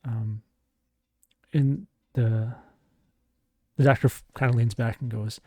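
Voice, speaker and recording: A man's voice: mid-range voice, steady tone, slow, a little mellow, dry recording, clean studio sound. A man narrating a solo tabletop game as game master, casual and meandering with many restarts.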